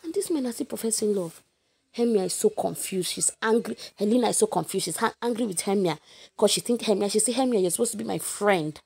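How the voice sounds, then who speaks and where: A woman's voice: mid-range voice, fast talker, vocal fry, husky. A young woman with a Nigerian accent giving a chatty, informal lesson summary, talking straight to her listeners. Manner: chatty, animated, addresses listeners directly. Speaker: literature teacher.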